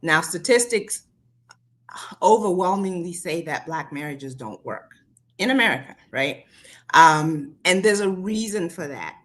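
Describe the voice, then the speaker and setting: A woman speaking as a panelist in a talk show, measured and hesitant with many ums. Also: lowish voice, expressive, fairly bright tone. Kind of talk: casual panel discussion.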